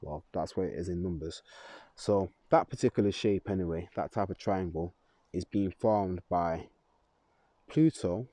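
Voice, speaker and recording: A man's voice: deep voice, measured pace, dark tone, dry recording. A man in a loose, rambling astrology vlog, chuckling and correcting himself as he goes. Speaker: astrology vlogger. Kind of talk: casual astrology talk to camera.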